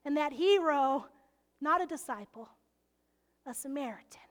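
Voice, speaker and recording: A woman preaching a sermon, expressive and often laughing, dropping into hushed whispers to stress a point. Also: high-pitched, unhurried.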